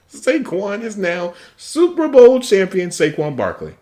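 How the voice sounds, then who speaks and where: A man hosting a football podcast solo, talking with hyped, energetic delivery, big shouted outbursts and repeated "okay?" and "guess what?". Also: high voice, takes it slowly. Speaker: podcast host.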